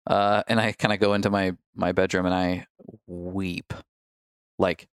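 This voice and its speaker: A man's voice: deep voice, little pitch movement, a little slow, smooth, no room sound, clean studio sound. A man telling a candid personal story, reflective, with restarts and fillers.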